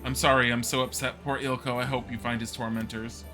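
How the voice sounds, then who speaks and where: A man's voice: mid-range voice, flat delivery, a little fast, bright, forceful tone, soft background music, natural voice. Man reading as a shaken townswoman witness. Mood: distressed. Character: upset middle-aged townswoman witness. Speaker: streamer.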